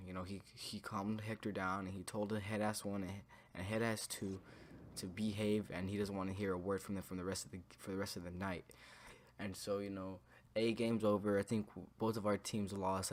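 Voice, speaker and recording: A young man casually telling a story from his school days, rambling and swearing with lots of fillers. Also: sits low. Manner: rambling, profane, filler-heavy. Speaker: storytime vlogger.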